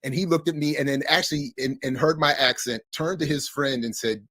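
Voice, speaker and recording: A man's voice: mid-range voice, a little fast, hardly any pauses, fairly bright tone, breathy edge, dry recording. A man co-hosting a morning show, telling a story in casual chat with many stammered restarts. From United States. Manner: storytelling, stammering restarts, laughs through lines. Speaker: co-host.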